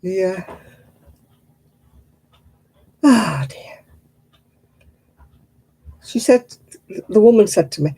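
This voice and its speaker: A woman's voice: mid-range voice, lively intonation, extremely slow, pauses often, mellow, slightly rough. A woman hosting a crafting live stream, chatting casually with viewers in a self-mocking way and laughing often. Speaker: craft livestream host.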